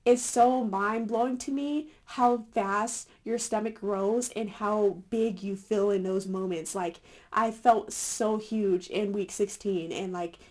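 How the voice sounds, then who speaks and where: A young adult woman chatting casually to her viewers, filling pauses with "um" and "like" and laughing often. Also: medium pitch, fairly even intonation, a little mellow. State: a little winded. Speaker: vlogger. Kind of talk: casual chat to camera.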